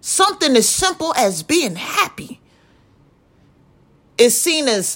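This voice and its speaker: A woman's voice: high voice, sing-song, slow, pauses often, fairly bright tone. A young woman giving a blunt, profane, emphatic venting monologue to camera. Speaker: vlogger.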